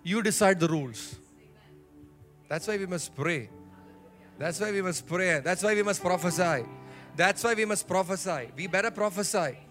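A man's voice: sits high, normal speed, pauses often, a bit bright, faint music behind. A male pastor preaching a sermon in a church, leading the congregation in call-and-response with emphatic repetition. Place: church sanctuary.

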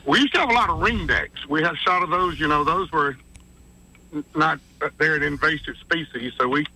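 A man's voice: on the high side, a little fast, sharp tone, rough recording. Friendly male radio caller. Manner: friendly, rambling storyteller. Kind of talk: casual call-in chat.

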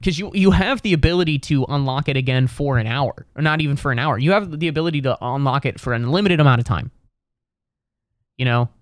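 A man's voice: medium pitch, quick pace, no room sound, clean studio sound. Rambling young man musing to camera. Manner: meandering, self-correcting, wry. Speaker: solo vlogger. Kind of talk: rambling comedic monologue. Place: sitting in a chair at home.

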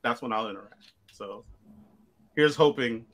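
A man co-hosting a casual podcast, animated, quick to laugh and ask questions. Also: medium pitch. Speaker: podcast co-host.

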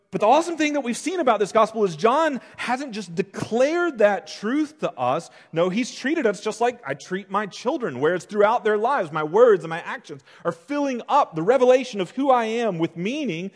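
Earnest preacher in a reverberant hall. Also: male voice, lively intonation, moderate pace, few pauses. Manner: earnest, building to emphatic peaks and dropping to hushed lows. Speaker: pastor. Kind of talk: sermon. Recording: long reverb of a large hall.

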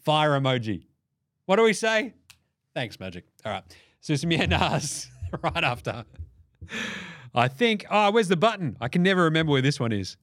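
A man hosting a basketball podcast on his own, sarcastic and quick to swear. His voice sits fairly high and swings widely in pitch. The sound is dry and close, with no room in it. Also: dry recording. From Australia. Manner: profane, sarcastic, animated. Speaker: podcast host. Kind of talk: solo sports podcast rant.

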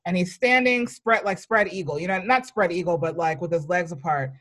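A woman's voice: on the low side, fairly quick. A woman telling a childhood story in casual chat, acting out the voices of the people in it. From United States. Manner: animated storyteller, acts out quoted voices, laughs often.

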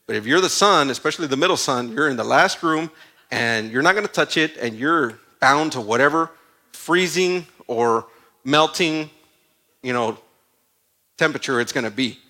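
A man preaching a sermon in a conversational, animated way, full of asides and stories. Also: medium pitch, moderate pace.

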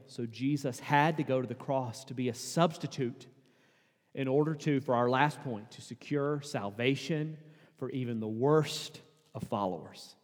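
A man preaching a sermon as pastor, conversational and casual, building to emphatic, louder peaks. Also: mid-range voice. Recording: long hall reverb.

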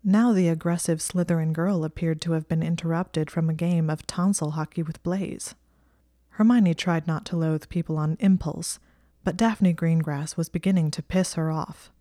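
A woman reading a fan fiction story aloud as an audiobook, in calm, measured narration. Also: low voice, no room sound, clean studio sound. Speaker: audiobook reader.

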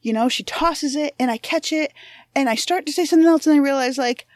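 A woman podcast host talks in a loose, candid way, sprinkling in curse words and wry asides about herself. Her voice sits a little high for a woman. The recording is dry and close, with no room sound. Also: brisk, dry recording. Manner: frank, profane, self-deprecating. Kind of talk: casual monologue intro.

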